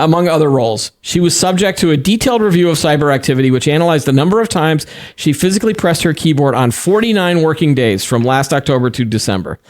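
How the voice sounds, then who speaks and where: A man co-hosting a tech podcast, reading news stories aloud with casual asides. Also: a little high. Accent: Boston. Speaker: podcast co-host.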